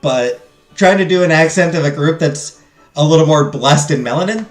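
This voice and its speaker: A man streaming a story game, reading its narration and chatting in an animated, rambling, self-deprecating way. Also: a little high, moderate pace, roomy sound, faint music behind. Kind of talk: casual game commentary and narration.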